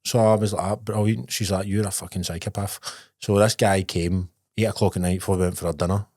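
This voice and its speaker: With a Scottish accent and a low, darkish voice, this co-host speaks briskly in a steady tone, swearing freely and laughing through his stories. It's relaxed, laddish podcast banter, captured in studio quality with no room sound.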